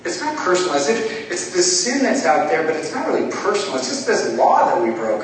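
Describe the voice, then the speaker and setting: A man preaching to a congregation, his fairly high voice carrying through a large, echoey hall from a distance. He talks casually and conversationally, then swells into impassioned pleas before dropping to hushed prayer. Faint room ambience sits underneath. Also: very animated, normal speed, slight background noise. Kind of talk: sermon.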